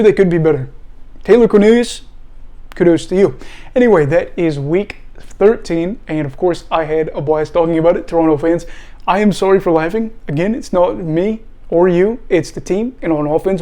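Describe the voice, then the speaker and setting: A man's voice: fairly high pitch, dark tone. A man, a young adult, hosting a casual solo sports recap, chatty and often breaking into apologetic laughter. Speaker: sports channel host.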